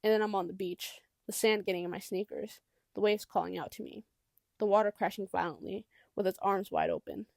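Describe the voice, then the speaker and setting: A woman narrating a novel in the first person, reflective and intimate. Her mid-pitched voice carries a gravelly texture of vocal fry. The recording is close and completely dry. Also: fairly even intonation, fairly quick, a little mellow, no room sound. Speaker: audiobook narrator.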